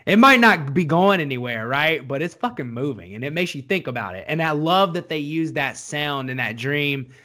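A man co-hosting a podcast, chatting casually in a profane, rambling and excitable way. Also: a little high, moderate pace, hardly any pauses. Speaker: podcast co-host. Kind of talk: casual chat.

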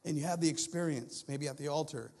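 A man with a high voice delivers a sermon as a guest pastor. He builds through repeated phrases, pushing up into urgent, loud stretches and then dropping low and hushed. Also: quick pace. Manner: swings between loud urgent passages and hushed low ones.

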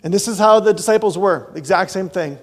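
A man preaching a conversational sermon as a pastor, swinging between loud outbursts and hushed asides. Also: sits high, fast talker.

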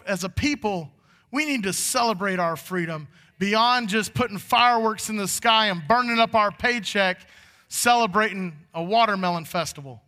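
A man's voice: sits high, brisk, bright, forceful tone, in a large hall. A male pastor preaching a sermon in a church sanctuary. He talks in a folksy, conversational way that builds to fervent moments.

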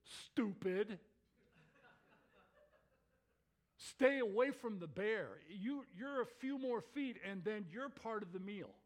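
A man's voice: sits high, lively intonation, a little slow, pitched above the performer's own voice. A man voicing a stern male scoutmaster who barks commanding warnings, inside a sermon story. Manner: barking, commanding.

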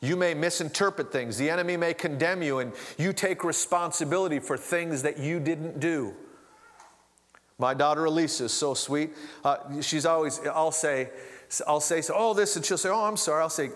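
Middle-aged male pastor, a bit high-pitched, talks off the cuff, long hall reverb. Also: normal speed, fairly bright tone. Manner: conversational, with restarts and asides. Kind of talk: sermon.

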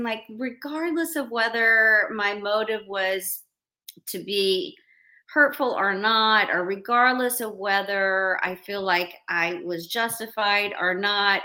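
A woman who counsels couples, giving earnest advice on a podcast in a slow, reflective way with light laughs. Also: medium pitch, sharp tone. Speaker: podcast host and couples therapist.

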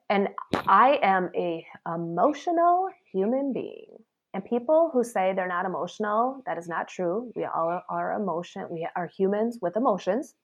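A woman's voice: mid-range voice, muffled recording. A woman in the salon trade giving an earnest, chatty motivational talk. She often checks in with "okay?" and "right?" and acts out the remarks she quotes. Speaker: salon professional sharing advice.

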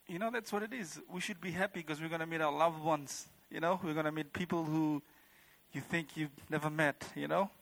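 A church member shares his testimony with the congregation, his fairly quick speech steady in tone and his voice gravelly, a bit bright, and on the high side. What he says wanders but comes from the heart, with "like" and "you know" scattered throughout.

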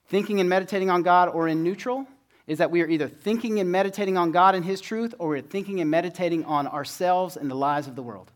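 Conversational man preaching a sermon. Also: fairly high pitch. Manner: conversational, self-deprecating humor. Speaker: pastor.

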